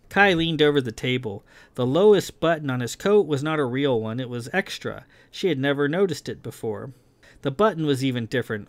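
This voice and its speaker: A man's voice: medium pitch, no echo. Man narrating a sci-fi audiobook, dry sound. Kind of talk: audiobook reading.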